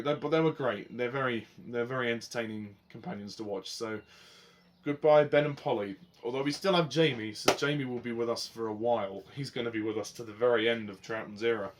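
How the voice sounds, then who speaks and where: A man reviewing a TV series in a loose, unscripted way. He talks with passion and rambles, rising into heated complaint and then dropping into quieter reflection. His voice sits at an ordinary middle pitch. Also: fairly quick. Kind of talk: casual spoken review.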